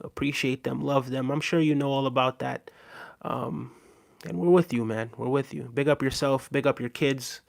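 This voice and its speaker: A man's voice: mid-range voice, vocal fry. A man hosting a casual livestream, reading out viewer comments and talking back in a laid-back way, often tagging sentences with "right?". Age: adult with a daughter.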